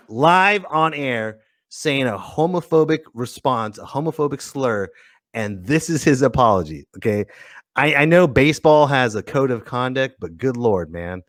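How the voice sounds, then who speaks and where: A male podcast host chats in a playful, joking manner, his pitch swinging up and down with lively energy. The recording is close and dry, with almost no room sound. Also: no echo. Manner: playful, jokey, animated. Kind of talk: casual livestream podcast chat.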